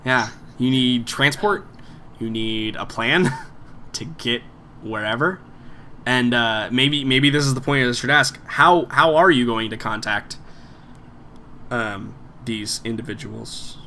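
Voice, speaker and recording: A man's voice: mid-range voice, takes it slowly, bright, forceful tone. A man narrating as game master of a tabletop game, rambling with lots of fillers. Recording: faint background noise.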